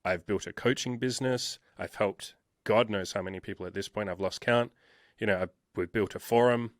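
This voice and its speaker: A man in his thirties recounts his past in a casual interview. He talks emphatically and swears often. His voice sits a little low and sounds dry, close to the mic. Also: brisk, no room sound. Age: 30s. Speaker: guest.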